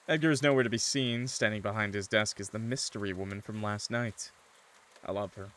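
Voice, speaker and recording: A man streaming a visual novel, reading its narration and reacting excitably in casual commentary, swearing and laughing loudly. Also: lowish voice, brisk, no echo.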